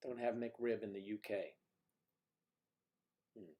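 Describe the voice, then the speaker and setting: A man's voice: fairly low pitch, takes it slowly, warm tone. A man hosting a livestream, chatting casually and joking in rambling asides as he reacts to viewer comments. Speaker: livestream host.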